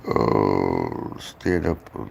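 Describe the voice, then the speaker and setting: Man, low gravelly voice, lively pitch, casual thinking aloud, halting, host at a computer. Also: slight background noise. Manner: halting, talks to himself as he clicks. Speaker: channel host working at a computer.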